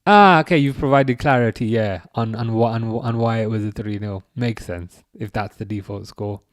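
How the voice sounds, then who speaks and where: A young man streaming a live football watchalong, chatting casually, reading chat messages aloud and reacting with sudden bursts of excitement. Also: fairly low pitch, normal speed, dry recording, clean studio sound.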